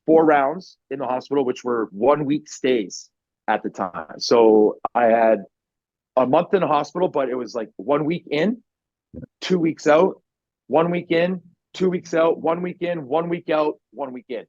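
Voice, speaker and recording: Podcast guest, a bit high-voiced, swears a lot, dry muffled sound. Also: male voice, a little slow, a little mellow, dry recording. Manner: blunt and profane, laughs easily. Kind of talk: casual storytelling.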